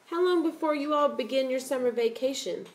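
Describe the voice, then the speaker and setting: A woman narrator gives voice to a friendly, shy man of about forty with one arm, speaking softly and politely. His questions lift upward with curiosity, in a storybook reading. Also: high-pitched, brisk, voice pushed up, natural voice. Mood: curious.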